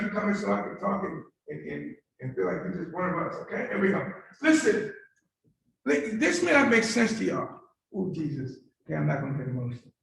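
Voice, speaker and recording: A pastor with a high, creaky voice leads his congregation in call-and-response, urging them to say his words back to him. The recording picks him up from a distance in a very echoey church hall, with slight background noise.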